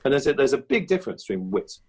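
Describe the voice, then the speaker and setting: A man's voice: mid-range voice, very animated, fast, a little mellow. A man guest on a podcast, chatting reflectively with frequent restarts and fillers. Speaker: guest impressionist. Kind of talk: casual podcast interview.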